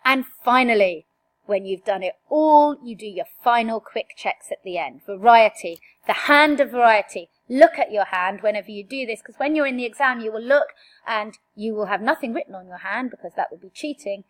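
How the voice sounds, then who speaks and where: Emphatic teacher, higher voice. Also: female voice, animated, moderate pace. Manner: direct, emphatic, addresses students with rhetorical questions. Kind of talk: exam revision lesson.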